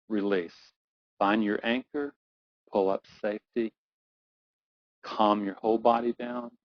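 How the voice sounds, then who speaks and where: Middle-aged male coach, guided visualization, low pitch, slow soothing repetition, muffled dry recording. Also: no room sound. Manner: slow soothing guidance that builds to urgent intensity, repeating phrases. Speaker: performance coach.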